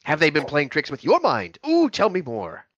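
An eager, nosy professor who can't wait to hear more, his voice leaping up high, as a man acts him out. It comes through dull and lo-fi in a tabletop game recording. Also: big pitch swings, slow pace, fairly bright tone, breathy edge, no echo, full character voice. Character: eager eccentric male professor.

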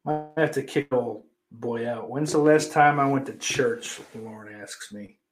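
A man streaming live and talking loosely to his chat. He rambles from one thing to the next, swears freely and jokes around at a middling pitch. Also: measured pace, soft background music. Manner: rambling, profane, loose and joking. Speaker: livestream host.

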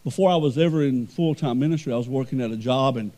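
A male pastor preaching a sermon, swinging between emphatic swells and quiet storytelling. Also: medium pitch, quick pace.

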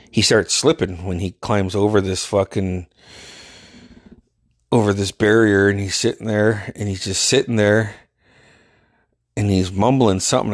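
A man's voice: on the low side, dry recording, clean studio sound. A man casually telling a profane, exasperated story and acting out what people said. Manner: profane, exasperated, acts out quotes.

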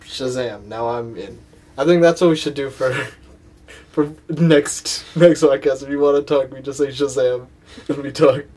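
A man's voice: mid-range voice, unhurried, darkish tone, far from the mic. A man co-hosting a podcast, chatting casually about a movie and slipping into goofy impressions. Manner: jokey, breaks into goofy impressions. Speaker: podcast co-host.

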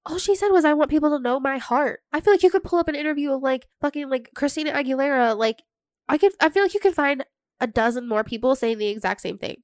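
A young woman co-hosting a podcast in casual chat, talking fast with lots of "like" and swearing. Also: sits high, expressive, a little mellow, no room sound, studio quality. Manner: chatty, heavy "like" filler, swearing. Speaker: podcast co-host.

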